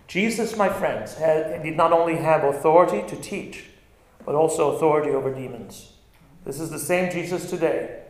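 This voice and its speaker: High-voiced preacher man, very echoey room. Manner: animated, acts out quotes with bursts of emphasis. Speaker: pastor. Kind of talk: sermon.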